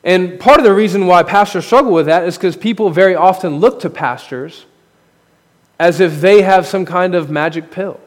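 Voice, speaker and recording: A man's voice: sits high, normal speed. A male pastor preaching a sermon at a podium microphone, candid and self-deprecating, his emphasis rising and falling. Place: church sanctuary. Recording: long hall reverb.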